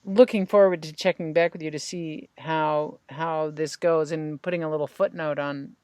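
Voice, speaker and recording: With a low voice at a moderate pace, a woman hosts a podcast and, as a tapping practitioner, calmly guides her guest through points to tap and phrases to echo. The recording is dry.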